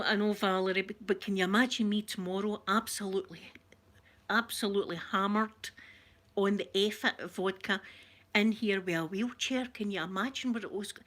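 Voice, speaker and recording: A Scottish woman vlogger chatting casually with her viewers, talkative and quick to laugh at herself. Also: mid-range voice. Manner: chatty, laughs often, self-mocking. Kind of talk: casual live-stream chat.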